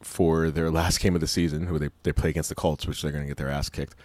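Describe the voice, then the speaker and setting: Very deep-voiced laughing man. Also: little pitch movement, fast talker, a little mellow, no echo. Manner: laughs often, rambling, playful. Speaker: podcast co-host. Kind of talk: casual wrestling podcast chat.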